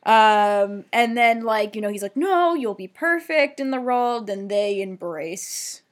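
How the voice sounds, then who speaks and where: A woman's voice: fairly high pitch, expressive, measured pace. A woman co-hosting a podcast, recapping a TV episode in casual, chatty talk with lots of fillers and some swearing. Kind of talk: casual chat.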